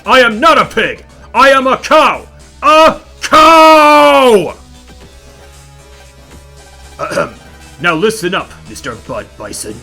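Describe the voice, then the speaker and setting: A man voicing a menacing male bull spirit monster that speaks in a slow, deep, gloating way over faint game music. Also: sing-song, bright, forceful tone, exaggerated voice. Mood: stern.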